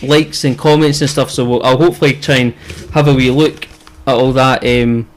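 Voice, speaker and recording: A man's voice: mid-range voice, steady tone, normal speed. A man co-hosting a casual podcast, laid-back and agreeable. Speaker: podcast co-host.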